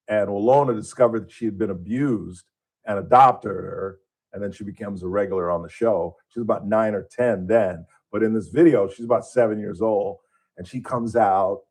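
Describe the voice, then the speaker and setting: A man's voice: on the low side, darkish tone, breathy edge. A middle-aged male radio host chatting casually and rambling through anecdotes in the studio. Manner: rambling storyteller, imitates voices in anecdotes.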